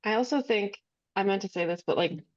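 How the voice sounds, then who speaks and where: A woman's voice: mid-range voice, a little fast, dull audio. A woman guest on a podcast, chatting casually, giggly and full of fillers. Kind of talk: casual chat.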